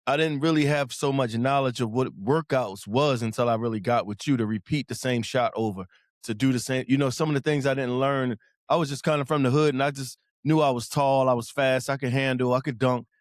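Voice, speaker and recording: A man's voice: mid-range voice, fairly even intonation, fairly quick, no echo, clean studio sound. A man hosting a casual podcast chat, rambling and repeating words as he talks. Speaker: podcast host.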